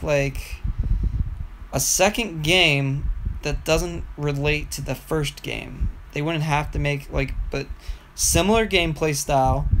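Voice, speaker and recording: A man's voice: medium pitch, fairly bright tone, a little hiss or hum, low-quality recording. A young man chatting on his gaming livestream, telling a meandering story with frequent restarts. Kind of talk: casual rambling livestream chat.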